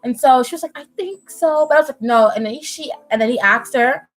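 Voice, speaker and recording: A young Bahamian woman chatting at home on a live stream, telling an animated story and often laughing. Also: sits high, quick pace, soft background music, rough recording. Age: young adult. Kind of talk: casual chat, storytelling. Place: at home indoors.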